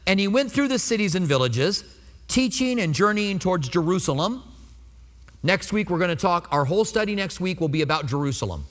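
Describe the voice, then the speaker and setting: Man pastor, high voice, sermon, chatty with rhetorical questions, long hall reverb. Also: fairly bright tone. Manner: conversational, asks the congregation rhetorical questions.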